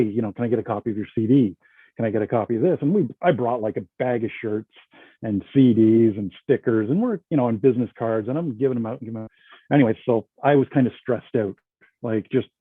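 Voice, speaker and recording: A man spins a story in a casual chat, cursing often and getting animated as he goes. His voice comes through thin and tinny, like a phone line. The sound is dry, with no room around it. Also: fairly low pitch, no room sound. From Canada. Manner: storytelling, swearing, animated when retelling. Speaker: guest musician.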